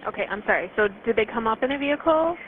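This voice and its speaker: A woman working as an emergency dispatcher, asking short, brisk, businesslike questions on a call. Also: on the high side. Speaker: 911 dispatcher. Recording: tinny phone line with steady hiss.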